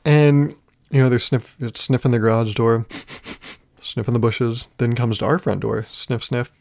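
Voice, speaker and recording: A man's voice: medium pitch, fairly even intonation, measured pace, creaky, a little mellow. A young man hosting his own podcast, telling rambling, self-deprecating comic stories in a solo monologue. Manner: rambling, self-deprecating storytelling with frequent laughs. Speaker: podcast host.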